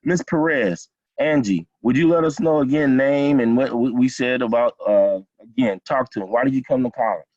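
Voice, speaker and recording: A man's voice: mid-range voice, normal speed, a little mellow, no echo. A middle-aged man leading an online class, encouraging and repeating himself with many fillers over a video call. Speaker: college program instructor. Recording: dull lo-fi video call audio.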